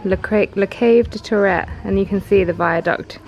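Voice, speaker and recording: A woman's voice: mid-range voice, normal speed, a little mellow, soft background music, rough recording. Young woman, lifestyle vlogger, rambling upbeat chat to a handheld camera, mid-range voice. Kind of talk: casual vlog chat to camera.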